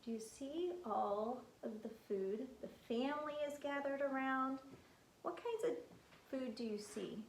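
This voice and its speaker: A woman's voice: sits high, measured pace, a little hiss or hum. A woman teaching young children from picture cards, coaxing them with questions. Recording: echoey room.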